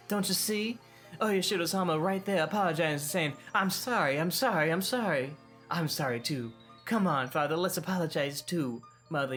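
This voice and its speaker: A man's voice: on the high side, fairly bright tone, pitched above the performer's own voice, natural voice. A man reading a visual novel aloud, voicing a tormented teenage girl sinking into paranoid delusion, repeating herself in an obsessive, pleading way. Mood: frantic.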